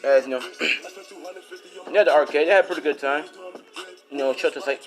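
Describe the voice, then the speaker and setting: A man's voice: a little high, normal speed, pauses often. A man improvising a spoken fan story, rambling with lots of fillers, with music behind.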